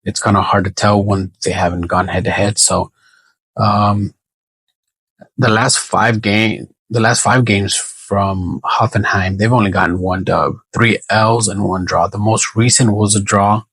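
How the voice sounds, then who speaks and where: A man talks through his betting picks in a slow, unhurried way, with a gravelly, husky voice. He thinks aloud, hesitates and corrects himself often. The sound is dry and close. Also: on the low side, steady tone, a bit bright, no echo, poor audio. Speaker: sports betting predictor. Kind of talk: casual solo prediction talk.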